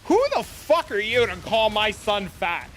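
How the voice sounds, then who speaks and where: A furious, protective middle-aged mother, as a man acts her out curses and threatens the teacher who insulted her son. The voice is raised in pitch and bright. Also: lively intonation, a little slow, faint music behind. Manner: cursing, threatening.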